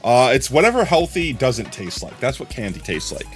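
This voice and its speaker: A man's voice: mid-range voice, big pitch swings, moderate pace, soft background music. A man streaming and chatting casually to his viewers, rambling and repeating words as he goes.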